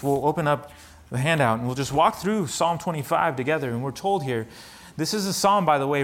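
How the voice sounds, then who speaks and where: Male pastor, slightly high voice, sermon delivery that swings from hushed to fervent. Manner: swings from hushed to fervent, reads scripture aloud.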